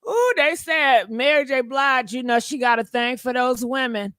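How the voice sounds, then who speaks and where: A woman's voice: sits high, animated, moderate pace, fairly bright tone, clean tone, no echo. A woman hosting a gossip channel, chatting dramatically straight to her viewers with lots of exclamations. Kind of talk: casual gossip commentary.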